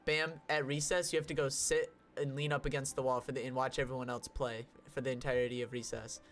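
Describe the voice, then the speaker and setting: A young man co-hosting a podcast, telling a story in a casual, animated way and swearing often. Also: mid-range voice, fast talker. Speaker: podcast co-host.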